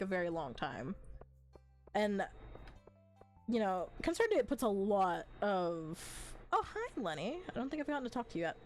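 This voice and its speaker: A young woman streaming a farming game, chatting casually with her chat as she plays, her voice slightly hoarse from long talking. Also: medium pitch, darkish tone. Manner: chatty, rambling, with frequent likes and small laughs. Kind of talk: casual live-stream chat while playing. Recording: faint background noise.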